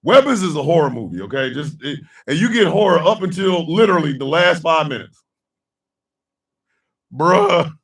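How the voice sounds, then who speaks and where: A man chatting loosely with his livestream chat, telling a story loudly and profanely and often breaking into laughter. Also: a little high, big pitch swings, moderate pace, long pauses, far from the mic.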